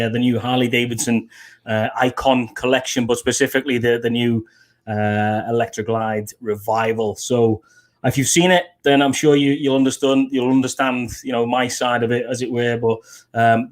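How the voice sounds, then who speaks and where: A British man hosting a casual live stream, bantering, swearing and laughing with guests. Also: medium pitch. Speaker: livestream host. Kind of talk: casual livestream chat.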